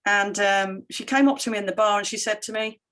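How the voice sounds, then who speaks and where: A middle-aged woman speaking at a conference keynote, her voice sitting at an ordinary middle pitch. She tells her stories with animation and brings other people's words to life as she quotes them. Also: brisk, a bit bright.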